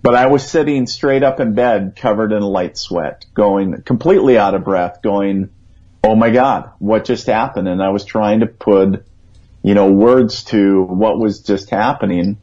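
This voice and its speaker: Guy w a lowish voice rambling thru a story, earnest, kinda dull lo-fi radio sound. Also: a little slow, mellow. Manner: earnest, rambling, quotes his own thoughts aloud. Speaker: guest psychic medium. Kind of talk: conversational storytelling.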